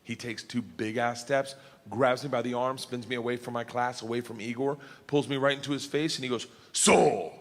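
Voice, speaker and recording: A man doing stand-up storytelling, loud and excitable, swearing and building to shouts, on a roomy stage with audience noise. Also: mid-range voice, brisk. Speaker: comedian.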